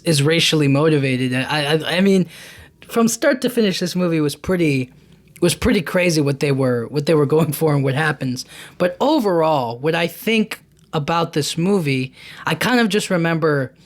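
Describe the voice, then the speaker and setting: A man hosting a podcast, casually recapping a movie in a loose, rambling way with many restarts and fillers. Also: on the high side. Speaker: podcast host.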